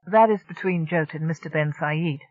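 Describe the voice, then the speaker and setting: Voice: mid-range voice, moderate pace, darkish tone, no echo, highs cut off, natural voice. An audiobook narrator voicing a grim, earnest male spacer explaining himself to an interrogator.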